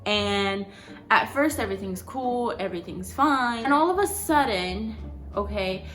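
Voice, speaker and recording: A young woman vlogger telling a story in a casual, animated way, packed with fillers and swearing. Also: medium pitch, a little slow, soft background music.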